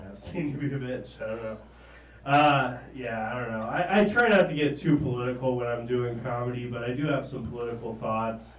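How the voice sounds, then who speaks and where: Halting stand-up comic man, roomy distant sound. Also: medium pitch, slight background noise. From American South. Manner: halting, trailing off with "I don't know", chuckling at his own jokes. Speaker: stand-up comedian. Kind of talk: stand-up comedy set. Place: comedy stage in a small room. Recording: roomy, distant live room recording.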